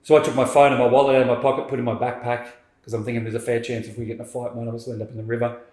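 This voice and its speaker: A man, a podcast guest telling a story in lively conversation and acting out what people said. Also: mid-range voice, very fast. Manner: animated, acts out quoted speech. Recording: roomy echo.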